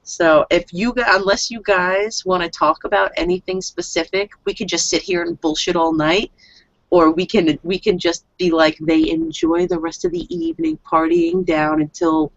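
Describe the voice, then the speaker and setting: A woman's voice: fairly low pitch, normal speed, gravelly, no echo. A woman casually narrating her character in a role-play session, rambling and swearing. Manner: rambling, profane, giggly. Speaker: tabletop role-play player. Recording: dull lo-fi dry recording.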